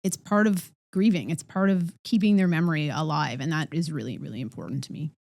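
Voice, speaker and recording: A woman co-hosting a podcast, speaking earnestly and reflectively, her sentences trailing off softly. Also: sits low, fairly quick, gravelly, dry recording, studio quality. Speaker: podcast co-host. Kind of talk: reflective conversational talk.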